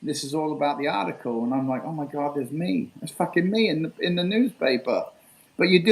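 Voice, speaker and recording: Rambling man in his sixties. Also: on the high side. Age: 60s. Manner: rambling, full of restarts and quoted dialogue. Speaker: guest street magician. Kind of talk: casual storytelling interview.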